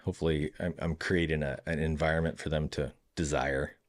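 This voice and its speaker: A man with a very low voice talks as a guest on a podcast, describing his family farm in an earnest, thoughtful way. He often pauses and restarts as he works out what he wants to say. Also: level tone. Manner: earnest and reflective, halting restarts. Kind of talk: casual interview chat.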